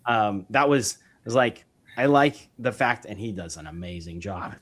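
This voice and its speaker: A real estate investor appears as a podcast guest in a casual interview, enthusiastically walking through his business methods. His lowish voice is animated, unhurried, and a bit bright, and he rambles with many fillers and restarts.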